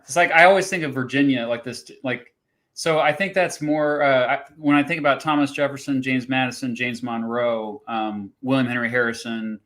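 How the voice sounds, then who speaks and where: A man's voice: medium pitch, steady tone, moderate pace, fairly bright tone. A man hosting a casual livestream chat, talking in a chatty, hesitant way and laughing often. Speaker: host.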